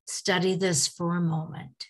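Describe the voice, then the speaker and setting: A woman giving a teaching lecture to English teachers, speaking deliberately and reading example questions aloud to show how they sound. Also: on the low side, level tone. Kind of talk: slide-based teaching lecture.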